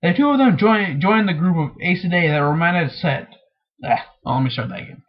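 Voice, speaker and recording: A man reads a fantasy novel aloud, tripping over words and starting sentences again. His voice is husky, fairly high and lively in pitch. The recording is dull and lo-fi. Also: a little fast. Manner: stumbles and restarts often. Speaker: reader.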